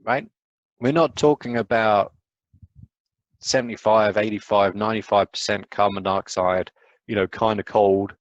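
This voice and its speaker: A man with a fairly low voice gives an eager, fast-paced science lecture over a video call, full of "uh" and "right?" asides. The sound is close and dry, with no room echo. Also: steady tone, muffled recording. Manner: enthusiastic, fast, rambling with fillers. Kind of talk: live online science lecture.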